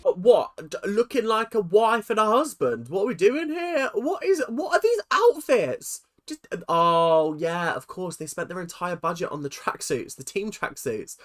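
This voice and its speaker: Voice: mid-range voice, sing-song, moderate pace, few pauses, a bit bright, faint music behind. A reaction video host giving chatty, rambling commentary, laughing often and swearing casually.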